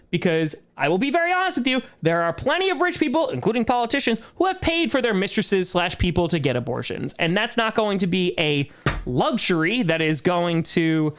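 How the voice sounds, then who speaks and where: A man with a fairly high voice hosts a relaxed livestream question-and-answer session. He rambles, cuts himself off and laughs between thoughts, then turns earnest when sharing his views. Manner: rambling, self-interrupting, laughs often. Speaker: streamer host. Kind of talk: casual livestream Q&A chat.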